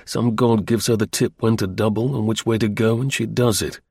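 Male audiobook narrator, husky and gravelly, measured literary delivery. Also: lowish voice, fairly even intonation, darkish tone, dry recording, clean studio sound. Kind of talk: scripted narration.

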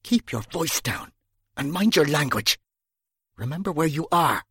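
A man's voice: on the high side, lively intonation, measured pace, gravelly, a bit bright, breathy edge, no room sound, clean studio sound, pitched above the performer's own voice, exaggerated voice. A man voicing a controlled female police detective who speaks in short, reproving sentences in an audiobook. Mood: stern.

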